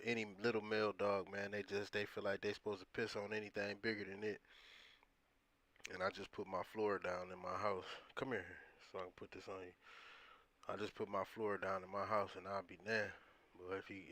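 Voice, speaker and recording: Slangy streamer man, bright edge. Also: fairly low pitch, no room sound. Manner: slangy, rambling, easygoing. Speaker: truck-sim streamer. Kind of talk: casual chat with live viewers.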